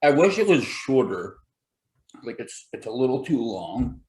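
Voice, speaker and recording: A man's voice: mid-range voice, big pitch swings, unhurried, darkish tone, echoey room. A man appearing as a guest, chatting casually and reacting with exclamations during a spicy food challenge. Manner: laid-back, reacts with exclamations.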